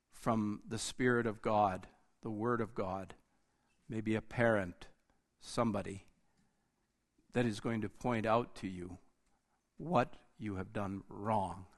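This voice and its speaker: A man preaching a sermon, slow and deliberate, rising in force and then dropping almost to a hush. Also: lowish voice, steady tone. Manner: slow, deliberate preaching that rises and drops to near-quiet.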